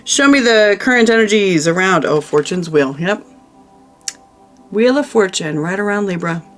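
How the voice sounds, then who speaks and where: A woman's voice: mid-range voice, animated, moderate pace, a bit bright, soft background music. A woman giving a casual tarot reading, chatty and emphatic, who often repeats her phrases. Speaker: tarot reader.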